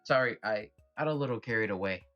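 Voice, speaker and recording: A man's voice: lowish voice, a little fast, lo-fi sound, faint music behind, lightly acted. A man voicing a small, flustered male dog who teaches class, apologetic and lecturing. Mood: sheepish.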